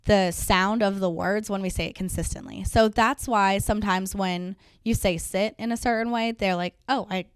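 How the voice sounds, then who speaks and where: A woman's voice: fairly even intonation, normal speed, few pauses, clean tone, dry recording, studio quality. A young woman dog trainer talking in a casual interview, upbeat and filling her speech with "like". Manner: upbeat, uses "like" a lot, acts out dogs and owners in higher voices.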